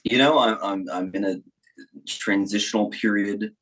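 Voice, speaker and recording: A male podcast guest chats casually, rambling and hesitating while he jokes at his own expense. His voice is low and somewhat husky. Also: normal speed, a bit bright. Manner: rambling, hesitant, self-deprecating. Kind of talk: casual chat.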